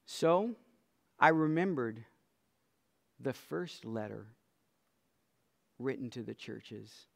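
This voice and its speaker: A man preaching a sermon as pastor. His voice drops to a hush and then swells into loud, emphatic lines. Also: medium pitch, expressive, vocal fry. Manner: swings from soft, hushed lines to loud emphatic declarations; slow and deliberate, stretching out scripture lines.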